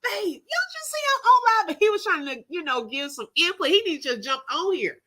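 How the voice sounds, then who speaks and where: Brisk and very high-voiced, a woman hosts a casual livestream chat. She tells her story with lots of energy and frequent laughter, turning often to talk with the chat.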